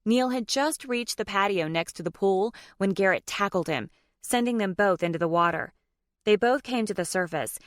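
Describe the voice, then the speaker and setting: A woman narrating a romance audiobook in a steady storytelling manner. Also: medium pitch, no room sound, studio quality. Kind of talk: scripted narration.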